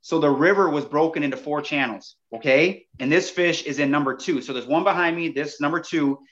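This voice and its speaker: A man with a slightly high voice tells a story as a podcast guest, animated and chatty. He keeps turning to the listeners directly. The audio sounds dull and lo-fi. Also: a little fast. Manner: animated, addresses listeners as "you guys". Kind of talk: casual storytelling.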